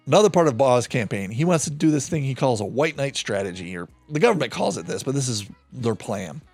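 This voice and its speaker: A man hosting a podcast, retelling a true-crime case in a loose, animated, profane way. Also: mid-range voice, no echo. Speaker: podcast host. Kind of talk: casual true-crime storytelling.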